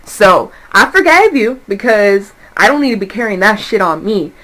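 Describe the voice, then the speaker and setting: A young woman giving a casual tarot reading, animated and profane, slipping into quoted voices as she talks. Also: mid-range voice, moderate pace, rough recording. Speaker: tarot reader.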